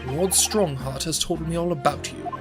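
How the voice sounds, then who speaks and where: A man voicing a cold, aristocratic male prosecutor in a put-on British accent, slow and disdainful, over game music. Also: fairly high pitch, lightly acted. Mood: contemptuous.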